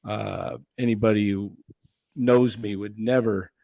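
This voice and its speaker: A man on a sports talk show, speaking earnestly and defensively with halting restarts. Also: lowish voice, steady tone, creaky, dark tone, no room sound. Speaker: panelist. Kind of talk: casual sports talk chat.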